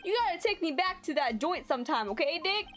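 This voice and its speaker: A woman's voice: very high-pitched, lively intonation, fast, fairly bright tone, pitched above the performer's own voice. Woman doing a chummy male police boss, hearty, patronizing, raised game voice, faint music.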